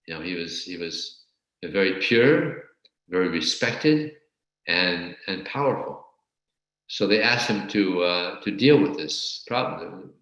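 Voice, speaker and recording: Man telling a story in a religious class, lowish voice, stops and repeats himself, very echoey room. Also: expressive, fairly bright tone, dull audio. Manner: halting, repeats words while telling a story. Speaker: scripture class teacher.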